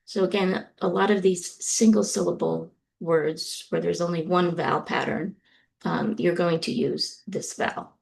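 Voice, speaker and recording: Slow, gravelly-voiced woman lecturer. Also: lowish voice, fairly even intonation, slight background noise. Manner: slow, deliberate explaining with many ums. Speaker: university lecturer. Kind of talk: recorded lecture.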